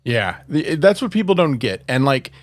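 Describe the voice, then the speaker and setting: A man's voice: on the high side, big pitch swings, normal speed, dry recording. A man co-hosting a podcast in casual chat, rambling with lots of fillers and laughing often. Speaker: podcast co-host.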